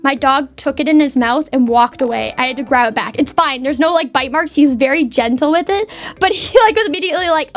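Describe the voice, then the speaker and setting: A young Canadian woman streams from her desk at home, chatting casually and heartfelt while stammering and repeating words. Her voice is high and her pace moderate.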